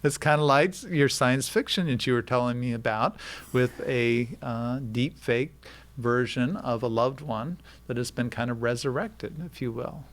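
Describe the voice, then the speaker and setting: A man at medium pitch, explaining a technical subject as a radio guest. He talks like a lecturer, patient and methodical, with a lot of "uh" and "um" fillers. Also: moderate pace. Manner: explanatory, with frequent "uh" and "um". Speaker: guest expert on deepfakes.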